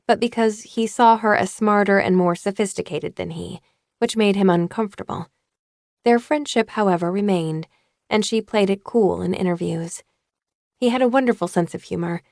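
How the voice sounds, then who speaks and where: A woman narrating an audiobook in a measured, even reading voice. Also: mid-range voice, vocal fry, no room sound, studio quality.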